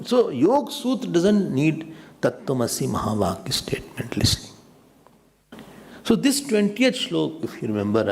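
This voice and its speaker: Male swami lecturer, gravelly, slow, talks straight to his class. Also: mid-range voice, a little mellow, a little hiss or hum. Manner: repeats words, mixes in Hindi asides; explanatory, addresses listeners directly. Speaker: swami teaching scripture.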